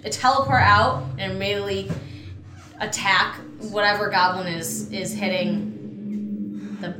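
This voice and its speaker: A woman playing a tabletop game, eager and halting, restarting her sentences. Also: mid-range voice, steady tone. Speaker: player. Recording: echoey room with background noise.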